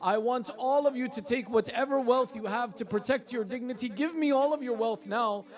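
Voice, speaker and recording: A man's voice: very high-pitched, normal speed. A male preacher voicing a grieving noble woman urging her household, solemn and urgent in tone.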